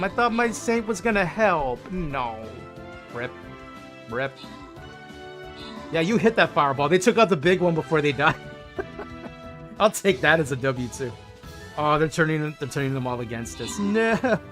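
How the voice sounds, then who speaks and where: A man's voice: a little high, fairly bright tone. A man livestreaming a game, chatting playfully with his viewers and greeting them by name. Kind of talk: casual gameplay chat with viewers.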